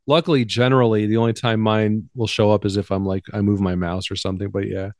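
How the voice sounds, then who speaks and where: A man's voice: on the low side, level tone, fast, a little mellow, no room sound, studio quality. A middle-aged man co-hosting a casual chat, rambling and drifting off mid-thought. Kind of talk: casual chat about a film.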